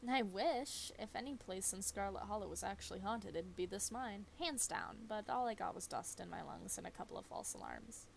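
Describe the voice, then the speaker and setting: A woman's voice: medium pitch, big pitch swings, normal speed, gravelly, few pauses, a little hiss or hum. A woman voicing a breezy young woman who hunts ghosts and talks in a wry, offhand way.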